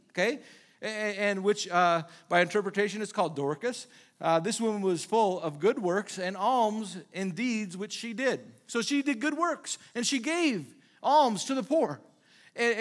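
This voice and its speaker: A man with a fairly high-pitched voice delivers a sermon from the pulpit. He preaches in a loose, conversational way, throwing rhetorical questions at the congregation and acting out small quoted exchanges. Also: a bit bright. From Minnesota. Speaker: pastor.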